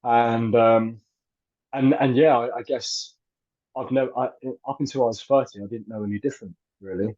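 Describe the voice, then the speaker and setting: A man's voice: mid-range voice, steady tone, normal speed, a little mellow. A man in his thirties, a guest in a casual interview, talking hesitantly with many fillers and restarts. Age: 30s. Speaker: actor and filmmaker guest. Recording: dull lo-fi audio.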